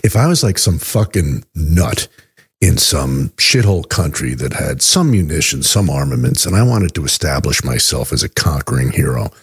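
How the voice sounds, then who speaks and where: A man's voice: a bass voice, sing-song, normal speed, slightly rough. A man co-hosting a casual podcast, making crude, mocking comments about a clip, swearing freely and stammering when he gets going. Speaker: podcast co-host.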